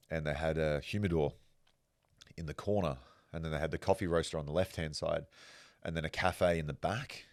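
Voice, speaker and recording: A man's voice: very deep voice, darkish tone, no room sound, studio quality. A man hosting a podcast, telling stories casually, swearing freely and acting out the voices of the people he quotes. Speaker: podcast host. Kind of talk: casual storytelling.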